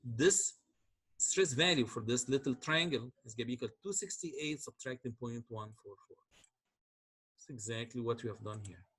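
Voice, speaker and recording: At a moderate pace, a man teaches a university engineering class in a medium-pitched voice that is a bit bright with a breathy edge. He lays out calculations step by step and checks often that students follow along.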